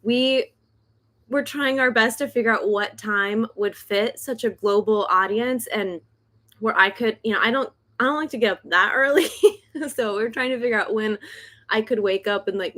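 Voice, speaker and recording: A woman's voice: on the high side, a bit bright. A young adult woman hosting a casual livestream from her home, chatty and a little nervous, laughing often. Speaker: host of a decluttering channel, author. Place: home in South Korea.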